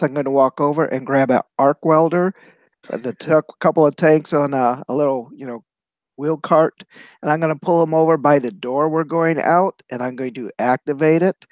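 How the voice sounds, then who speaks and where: A man's voice: fairly high pitch, no room sound. A man playing a tabletop game, laying out his plans step by step while thinking aloud. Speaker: player. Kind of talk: casual tabletop play. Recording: dry, lo-fi recording.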